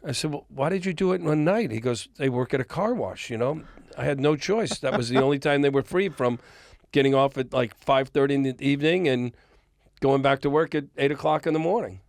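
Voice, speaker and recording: With a mid-range voice and a fairly quick delivery, an older man who works in music tells long stories as a podcast guest, playing out the dialogue with animation. There's no echo on the recording.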